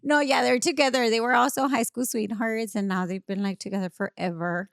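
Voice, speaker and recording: Podcast guest: woman, high voice, dry studio sound, animated storyteller who laughs a lot. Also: a little fast, vocal fry, no echo. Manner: animated, laughing, switching between English and Spanish. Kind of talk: casual storytelling chat.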